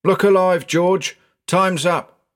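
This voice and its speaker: A man voicing a rough-spoken older male tram driver with blunt working-class speech, in a storybook reading. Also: a little high, sing-song, moderate pace, fairly bright tone, pitched above the performer's own voice. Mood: hurrying.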